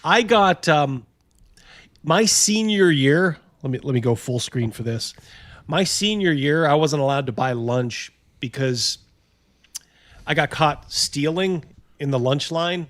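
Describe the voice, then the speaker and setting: Animated storytelling middle-aged man. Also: a little high, slow. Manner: animated storyteller, acts out voices. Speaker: host. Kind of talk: casual chat.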